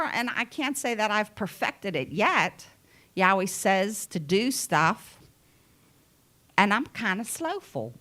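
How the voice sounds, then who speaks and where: Slow-speaking woman preacher, bright tone. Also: medium pitch. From United States. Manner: unhurried, conversational preaching with asides. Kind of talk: sermon.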